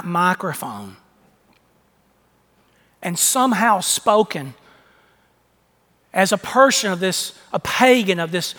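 A man's voice: sits high, a bit bright. A man preaching a sermon, emphatic, often repeating his phrases for emphasis. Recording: long echo of a large hall.

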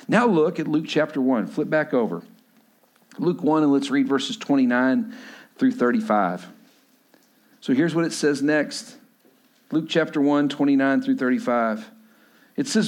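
A man preaching a sermon as pastor of his church, emphatic, moving between hushed lines and raised ones. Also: mid-range voice, a little slow, long pauses.

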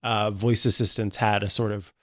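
Man, podcast co-host, halting casual talk, lowish voice, dry sound. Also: little pitch movement, fairly bright tone, no room sound. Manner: thoughtful, halting with fillers. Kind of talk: casual tech chat.

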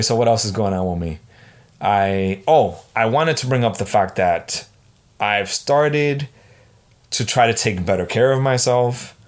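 Exasperated man ranting on a podcast. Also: on the low side. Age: 40s. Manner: swearing, exasperated storytelling. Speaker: podcast host. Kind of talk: solo podcast rant.

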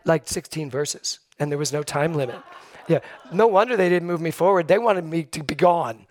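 A middle-aged man preaching a Sunday sermon, telling personal stories with lively, acted-out quotes. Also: on the high side, moderate pace. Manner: storytelling, animated, acts out quoted voices. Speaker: minister. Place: church sanctuary.

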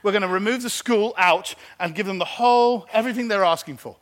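A man preaching as pastor, telling a story and acting out the people in it, animated and lively. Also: sits high, fast talker, noisy background. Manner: animated, acts out phone conversations. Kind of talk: sermon storytelling. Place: church.

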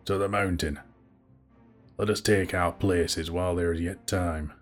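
A man voicing a male warrior leader who shouts commands to his troops in a put-on accent, in an audiobook reading. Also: sits low, steady tone, measured pace, soft background music. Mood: commanding. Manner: loud commanding calls, accent attempt.

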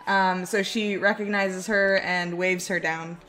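A woman's voice: medium pitch, steady tone, a little slow, a bit bright, soft background music. A woman playing a tabletop game, describing her character's actions hesitantly with many fillers and laughs. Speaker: player. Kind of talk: casual tabletop play.

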